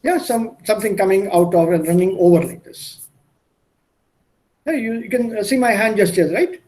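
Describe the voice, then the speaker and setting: A man's voice: high voice, normal speed, a little mellow. A man teaching German in an online one-on-one lesson over a video call, patiently explaining by repeating synonyms. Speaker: German tutor.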